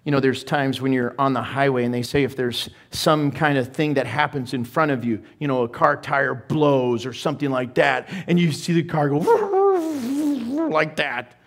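A man's voice: mid-range voice, fairly even intonation, moderate pace, hardly any pauses, fairly bright tone. A middle-aged male pastor preaching a sermon in a conversational way, with laughing asides and growing emphasis.

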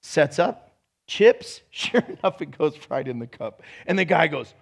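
A man preaching a sermon to a room, energetic and animated, breaking into shouts and laughs. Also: a little high, normal speed, gravelly, breathy edge. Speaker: pastor. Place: church room with congregation.

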